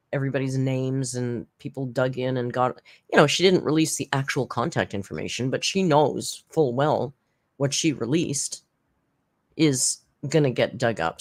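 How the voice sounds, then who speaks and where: A channel host giving casual spoken commentary, blunt and rambling, with frequent restarts, side remarks and sarcastic jumps in pitch for emphasis.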